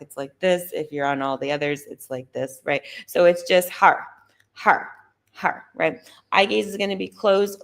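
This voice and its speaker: A woman with a deep, gravelly voice, a holistic doctor, leads a live Kundalini yoga class. She gives casual, chatty instructions and guides rhythmic chanting.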